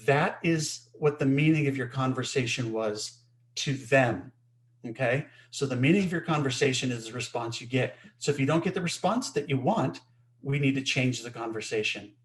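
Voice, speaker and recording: Male webinar co-host, middle-pitched voice, teaches in an emphatic explaining style over a video call. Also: normal speed. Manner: explanatory, emphatic, checks in with "right?".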